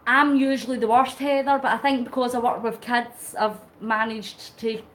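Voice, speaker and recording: Woman vlogger, fairly high voice, chatty live-stream talk while cycling, laughs a lot. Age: middle-aged. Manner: chatty, laughs often, reads out viewer comments; talks while pedalling on a bike. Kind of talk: casual live-stream chat.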